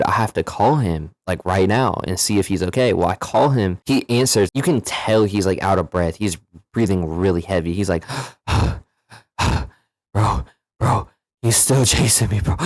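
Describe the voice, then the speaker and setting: A man with a fairly low voice tells a story casually to the camera, animated and full of slang and swearing. The sound is close and dry, with no room around it. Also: moderate pace, no echo. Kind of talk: casual story-time vlog.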